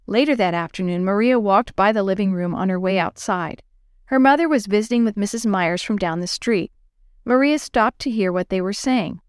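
Expressive woman reading a children's story. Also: mid-range voice, moderate pace, clean tone, no room sound, clean studio sound.

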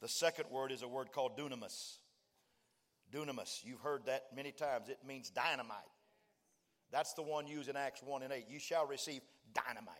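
A man's voice: medium pitch, moderate pace. A male preacher delivering a sermon, mixing folksy joking asides to the congregation with rising, fervent declarations. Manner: builds to fervent shouting, acts out dialogue.

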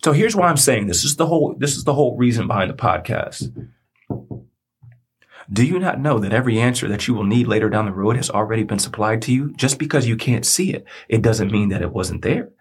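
Male podcast host, husky, earnest sermon-like delivery. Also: medium pitch, lively intonation, a little fast. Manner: earnest, preacherly, repeats phrases for emphasis. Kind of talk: personal storytelling monologue.

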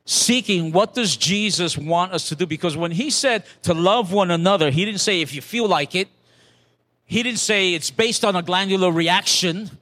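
A man's voice: high voice, normal speed, sharp tone. An older man, a pastor, preaching a sermon as a conversational testimony, with restarts and acted-out quotes.

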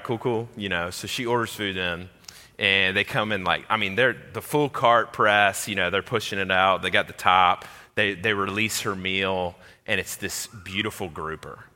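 Young man, animated storyteller, very bright voice, reverberant hall. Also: on the low side, a little fast. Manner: animated, acts out voices, swings loud and quiet. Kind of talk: comic personal story.

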